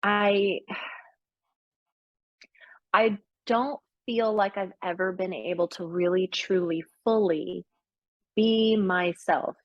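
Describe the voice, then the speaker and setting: A middle-aged woman coach talking openly in a casual conversation, animated and emotional, laughing often as she tells stories. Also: mid-range voice, takes it slowly, pauses often, dry recording, lo-fi sound. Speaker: business coach.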